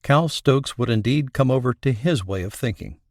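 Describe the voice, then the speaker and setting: A male audiobook narrator telling a thriller in a steady, even way at a middle pitch. The recording is close and dry, with no room sound at all. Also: moderate pace, no room sound. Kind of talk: scripted narration.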